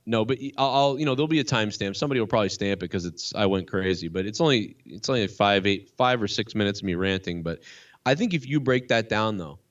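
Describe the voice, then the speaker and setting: A man, a comedian, chatting casually as a guest, rambling and swearing as he tells a story excitedly. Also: lowish voice, fast talker, dull audio. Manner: profane, rambling, excitable ranting. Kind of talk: casual chat.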